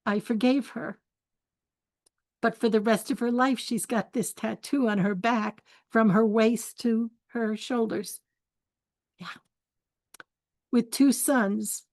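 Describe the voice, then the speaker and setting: A woman's voice: a little high, fairly even intonation, takes it slowly, pauses often, darkish tone, no room sound. An older woman hosting a spiritual forum, telling family stories in a chatty, candid way and turning them into life advice. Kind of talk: storytelling talk.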